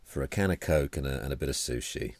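A man's voice: very deep voice, quick pace, gravelly, very noisy. A man hosting a podcast, chatting and teasing his guest playfully. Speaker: podcast host. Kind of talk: casual chat.

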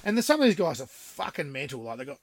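A man's voice: medium pitch, sing-song, fast talker. A man telling rowdy stories on a podcast as the guest, swearing freely and laughing as he talks. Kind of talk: casual storytelling.

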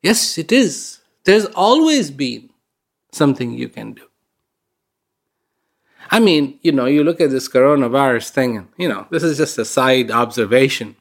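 A man's voice: mid-range voice, animated, moderate pace. A man giving an inspirational talk, telling stories in a conversational way and repeating words for emphasis. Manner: conversational storyteller with fillers. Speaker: speaker giving a reflective talk.

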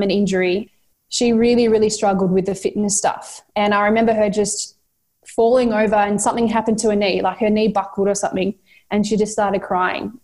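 An Australian woman coach talks through her answers with sincere, motivational conviction. She circles back and repeats words as she gathers her thoughts. Her voice sits at an ordinary middle pitch. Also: a little mellow. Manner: heartfelt, motivational, repeats herself while thinking. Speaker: football coach, guest. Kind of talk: earnest interview answers.

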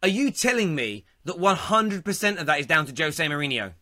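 A man's voice: fairly high pitch, big pitch swings, fairly quick, sharp tone, no echo, clean studio sound. A man hosting a radio phone-in, firmly pushing back and insisting on being heard. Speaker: radio host. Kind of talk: phone-in debate.

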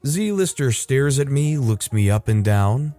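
Male narrator, mellow tone, steady conversational reading of stories, faint music under. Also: mid-range voice, takes it slowly, dry recording. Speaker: story narrator. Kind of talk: reading online stories aloud.

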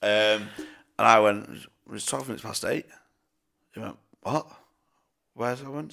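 This is a young man chatting on a casual podcast. His voice sits low and gravelly, with a bright, forward tone. He tells stories loosely, swears freely and laughs often. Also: a little slow, long pauses. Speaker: podcast co-host. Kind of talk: casual chat.

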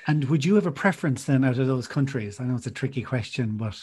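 A relaxed host puts easygoing questions to a guest, in a husky, breathy voice of middling pitch. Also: fast talker. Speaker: interviewer. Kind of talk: casual interview.

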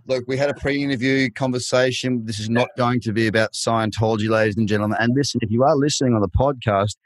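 Joking, animated male podcast host. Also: medium pitch, fairly quick, no room sound. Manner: jokey, animated showman patter. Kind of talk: playful podcast interview.

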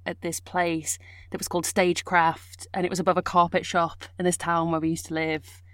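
Chatty woman with a lowish dry voice. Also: normal speed, no room sound. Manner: chatty, animated storytelling with fillers. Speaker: guest, audiobook narrator and actor. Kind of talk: casual chat.

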